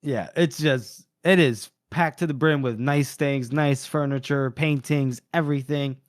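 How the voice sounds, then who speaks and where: A man's voice: medium pitch, steady tone, a little slow, dry recording, clean studio sound. A man co-hosting a casual book podcast, recapping the plot in a rambling way and laughing often. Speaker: podcast co-host. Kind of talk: casual book-discussion chat.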